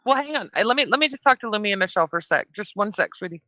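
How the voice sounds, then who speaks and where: Patient woman with a bright, dry voice. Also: mid-range voice, rapid-fire, dry recording, poor audio. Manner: calm, patient, coaxing. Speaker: mediating friend on stream. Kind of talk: live stream group call.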